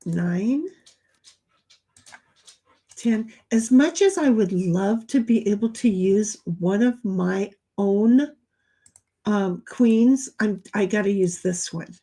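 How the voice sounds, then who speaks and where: A woman's voice: mid-range voice, lively intonation, slow, pauses often, mellow. A woman co-hosting a live game night who talks through her card moves, recaps the chat and laughs a lot. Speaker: livestream co-host. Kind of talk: casual chat while playing a card game.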